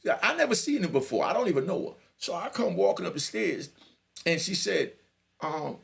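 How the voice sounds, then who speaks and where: A man's voice: high-pitched, fairly quick, gravelly. A middle-aged man, telling a prison story in a swaggering, laughing way. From New York. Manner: animated, swaggering, laughs often, fills with "you know what I mean". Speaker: storyteller sharing prison stories. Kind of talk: casual storytelling.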